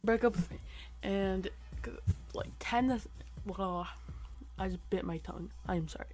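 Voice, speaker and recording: A teenage boy telling a personal story to camera, halting and rambling with lots of fillers. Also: high-pitched, darkish tone. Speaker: vlogger.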